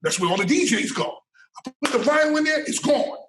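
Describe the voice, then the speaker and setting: A man telling a story as an interview guest, loud and profane, breaking into shouted hype calls. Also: very high-pitched, expressive, a little fast, reverberant, rough recording. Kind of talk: animated storytelling.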